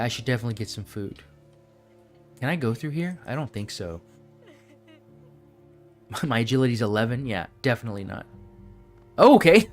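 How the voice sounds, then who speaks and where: Guy streaming a game live, chatty, thinks out loud and laughs a lot, faint music behind. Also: medium pitch.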